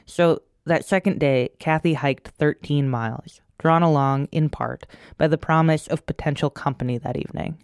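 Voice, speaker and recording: A narrator gives scripted narration with a mid-range voice, keeping an even and measured tone. The delivery sounds like a produced audio story. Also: medium pitch, smooth, no room sound, studio quality.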